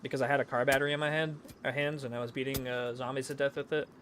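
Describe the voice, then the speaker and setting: A man's voice: mid-range voice, little pitch movement, very fast, fairly bright tone, a little hiss or hum. A young man streaming a game, jokey, rambling and self-mocking.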